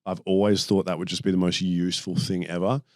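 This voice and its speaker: A young man hosting a podcast, telling rambling, animated stories and swearing freely. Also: sits low, fast, no room sound, clean studio sound. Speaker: podcast host. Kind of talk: casual chat.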